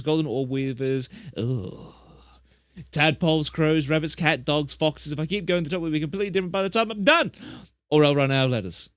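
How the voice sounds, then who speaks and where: Chatty streamer, dry sound. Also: male voice, mid-range voice, clean tone, dry recording. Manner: rambling, chatty, self-correcting, plays up tall tales. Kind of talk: casual live-stream chat.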